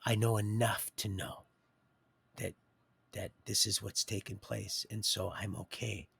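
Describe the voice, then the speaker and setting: A man talking off the cuff on a livestream, rambling and preachy, swinging between hushed asides and loud emotional outbursts. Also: lowish voice, little pitch movement, a little slow, gravelly, breathy edge.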